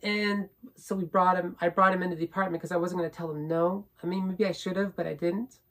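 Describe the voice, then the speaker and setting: A woman's voice: lowish voice, fairly even intonation, fast talker, a bit bright. A woman vlogger telling a personal story in a rambling, repetitive way, often adding "right?" and growing indignant as she stresses her points. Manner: indignant, building emphasis.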